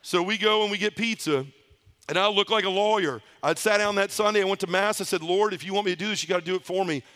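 Guy telling his testimony to a men's conference, pretty high voice for a man, acts out everyone in the story. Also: fast. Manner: lively storyteller acting out voices. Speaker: conference speaker.

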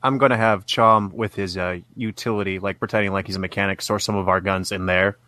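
A man's voice: low voice, fairly even intonation, fairly quick, sharp tone, dry recording. A man playing in a tabletop game, talking casually and laughing easily. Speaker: player.

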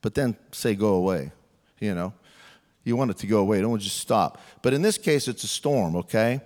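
A man's voice: fairly low pitch, lively intonation, normal speed, darkish tone. A man preaching a sermon in a conversational, humorous way, often acting out quoted lines. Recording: reverberant hall.

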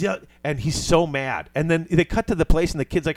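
A man's voice: fairly high pitch, fast talker, hardly any pauses, no room sound. Man animatedly recapping a movie. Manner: animated retelling, acting out quoted lines.

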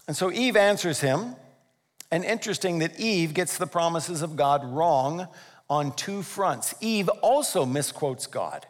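A man preaching a sermon as pastor, animated, acting out voices and asking his listeners questions. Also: high voice, unhurried, long reverb tail. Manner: animated, acts out voices, asks the audience questions.

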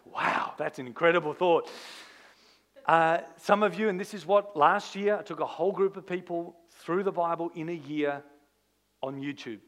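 A man, a pastor, preaching a sermon in an animated, conversational way, full of rhetorical questions. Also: fairly high pitch, moderate pace.

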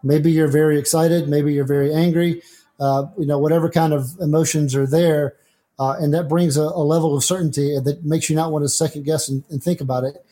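A middle-aged man with a soft, mellow tone that sits slightly high for a male voice. He talks things through as a guest in a relaxed discussion, reaching for homely examples from daily life. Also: fairly quick. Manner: thinks aloud with homespun examples. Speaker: atheist guest. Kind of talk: conversational discussion.

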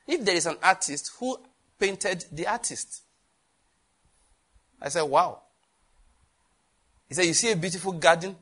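A man preaching a sermon, lively, with laughter and questions thrown to the congregation. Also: high voice. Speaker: pastor.

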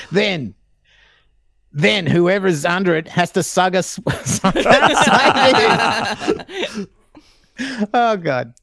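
Gravelly aussie bloke, giggles a lot, jokey, dry close mic. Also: male voice, sits high, animated, extremely slow, pauses often, fairly bright tone, dry recording. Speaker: podcast co-host. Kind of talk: casual chat.

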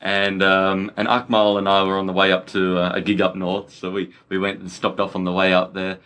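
Male co-host, low-pitched, chatty and quick to laugh. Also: clean tone. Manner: animated storyteller, laughs often. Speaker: podcast co-host. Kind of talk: casual chat.

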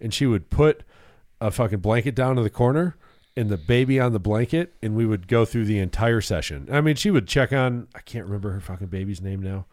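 Low-voiced male guest telling anecdotes. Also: brisk, a little mellow, no echo, studio quality. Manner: laid-back anecdotal storytelling, casual swearing. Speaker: podcast guest, former gym coach. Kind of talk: casual chat.

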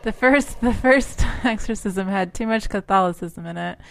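A woman's voice: medium pitch, moderate pace, gravelly, no room sound, soft background music. A woman co-hosting a podcast, casually and thoughtfully picking apart a film, her sentences trailing off. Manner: thoughtful, analytical, trails off quietly. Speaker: podcast co-host.

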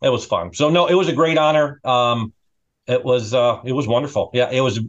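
A middle-aged man, a restaurant owner guesting on a podcast, telling a story in an animated, rambling way and often restarting words. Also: mid-range voice, brisk. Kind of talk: casual storytelling. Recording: dull lo-fi sound.

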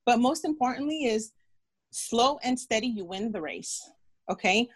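A woman's voice: a little high, lively intonation, normal speed, breathy edge. A woman in her thirties, a physician guest in an interview, talking earnestly and encouragingly, repeating phrases and acting out quotes. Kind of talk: interview storytelling.

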